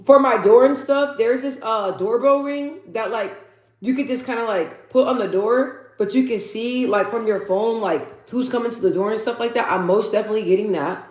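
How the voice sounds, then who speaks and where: A woman's voice: fairly high pitch, normal speed, a little mellow. Woman, 30s, livestream host, casual chat, repeats herself for emphasis, reads comments aloud, echoey room. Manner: chatty storytelling, repeats phrases for emphasis. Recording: roomy echo.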